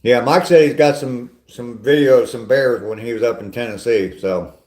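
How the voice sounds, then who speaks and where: A man's voice: mid-range voice, normal speed, darkish tone, reverberant. An older man hosting a casual live stream on a walk, chatting with viewers in a rambling, self-deprecating way. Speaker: vlogger reading live chat.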